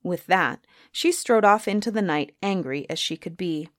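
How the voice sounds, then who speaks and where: A woman storyteller reading a storybook aloud in an expressive, gently animated way. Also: lowish voice, moderate pace, no room sound, clean studio sound.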